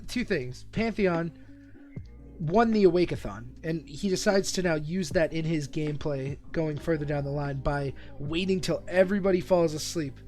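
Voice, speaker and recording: A young man streaming live reaction commentary, excitable and profane, rambling between bursts of laughter. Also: fairly high pitch.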